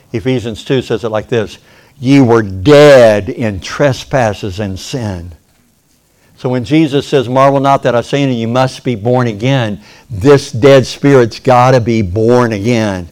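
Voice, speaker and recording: A man's voice: medium pitch, darkish tone. A man preaching a sermon in a folksy, playful way, calling for amens from the congregation. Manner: folksy, playful, acts out voices and a "ding" sound; calls for amen from the congregation.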